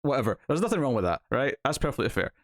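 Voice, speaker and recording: A man from Scotland, medium in pitch, talks fast and animatedly while co-hosting a casual chat reviewing TV. He slips into put-on voices to act out quotes, captured in clean studio sound without echo.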